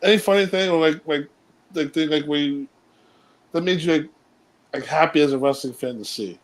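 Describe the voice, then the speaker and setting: A man with a fairly high voice chats casually as a podcast co-host. He rambles through wrestling stories with plenty of restarts and laughs between them. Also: normal speed, low-quality recording. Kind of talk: casual chat.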